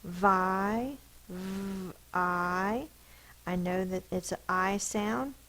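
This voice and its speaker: Teacher lady going slow, sounding out each syllable for the kids. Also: lowish voice, fairly bright tone, poor audio. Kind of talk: spelling lesson for children.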